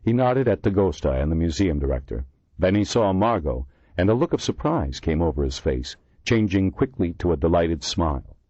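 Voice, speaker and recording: A man narrating an audiobook in measured storytelling, voicing the characters himself. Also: deep voice, sing-song, warm tone, dry recording, muffled recording. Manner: measured storytelling with many voices. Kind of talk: scripted narration.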